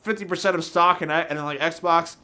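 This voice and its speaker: A man's voice: a little high, fairly even intonation, moderate pace, bright, forceful tone, smooth. Heated, profane young man ranting. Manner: heated, profane, emotional, with frequent restarts. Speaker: gaming commentator. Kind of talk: passionate rant.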